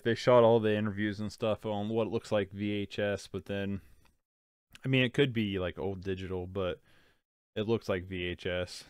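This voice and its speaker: The clip features a sleepy young man, nose stuffed up, rambling through movie reaction commentary on a watch-along and peppering it with "like" and other fillers. His lowish voice sounds clear and resonant, captured dry at studio quality.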